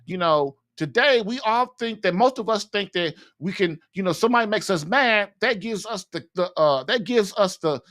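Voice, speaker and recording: Male host, high-pitched, blunt and folksy, rambling advice talk. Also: expressive, normal speed, few pauses, a bit bright. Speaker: podcast host, marriage advice. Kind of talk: casual advice monologue.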